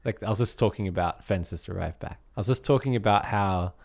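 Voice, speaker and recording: A man with an Australian accent chats casually about music, his voice sitting a little low. He meanders as he thinks aloud, filling gaps with ums. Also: fast, vocal fry. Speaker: podcast co-host.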